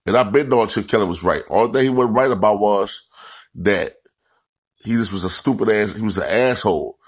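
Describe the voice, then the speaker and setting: A man's voice: lowish voice, fairly quick. Profane, ranting man. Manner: blunt, profane, repetitive, ranting. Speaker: football commentator. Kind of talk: profane sports rant.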